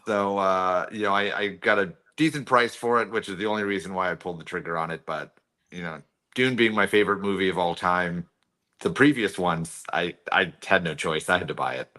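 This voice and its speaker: Bright-voiced older man, laid-back joker. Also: low-pitched, brisk. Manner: laid-back, joking, rambling with restarts. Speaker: show regular. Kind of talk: casual chat.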